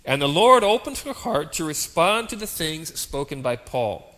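Animated preacher in a reverberant hall. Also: male voice, fairly high pitch, moderate pace. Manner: dramatic, rhetorical questions to the congregation. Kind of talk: sermon. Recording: long reverb of a large hall.

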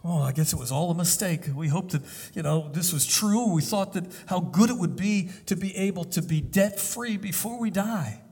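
A timid old tenant speaks in a quavering, husky voice, as a man puts him on. His words ring out in a large hall with a long echo. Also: high-pitched, normal speed, hardly any pauses, a little mellow, voice pushed up. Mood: tearful.

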